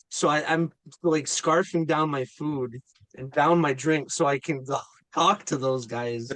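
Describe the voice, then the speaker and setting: A man with a high-ish voice, a guest filmmaker who acts in indie films, tells an anecdote unhurriedly but with eager animation, stammering and repeating himself out of excitement. The recording is dry and rough.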